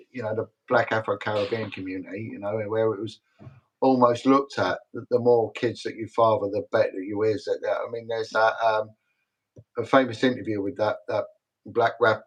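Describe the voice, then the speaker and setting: Guesting on a casual livestream interview, a middle-aged retired detective from Britain speaks emphatically and repeats himself, rambling from one story to the next. His voice is fairly low, and the recording sounds rough.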